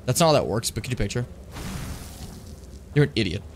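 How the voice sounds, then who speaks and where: Animated man streaming a game. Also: mid-range voice, a little fast, a little hiss or hum. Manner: animated, swearing, jumps into shouting. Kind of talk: casual gameplay commentary.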